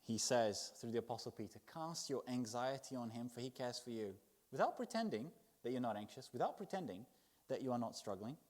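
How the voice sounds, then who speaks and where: A man preaching a Sunday sermon in church, expressive, swinging from loud emphasis to hushed words. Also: mid-range voice, a little fast.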